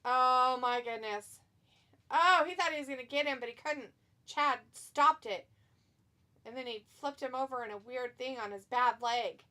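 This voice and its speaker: A woman hosting a live watch-along in casual, chatty commentary. Her voice sits high and bright with a sharp edge. She giggles often and reads chat aloud. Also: moderate pace. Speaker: stream host.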